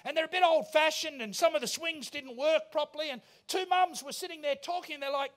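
A man preaching a sermon in a large church auditorium, emphatic and rising to shouts. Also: very high-pitched, brisk, hardly any pauses. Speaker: pastor.

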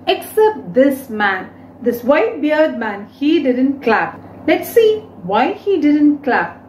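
Woman, teacher, very lively pitch, slight room echo. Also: takes it slowly, slight background noise. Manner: explains words, retells story in simple English. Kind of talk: explaining a reading lesson.

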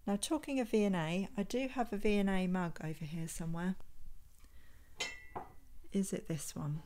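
A woman's voice: medium pitch, normal speed, warm tone. A woman, a vintage homeware reseller, chatting unhurriedly at home in a casual show-and-tell vlog and thinking aloud as she handles items.

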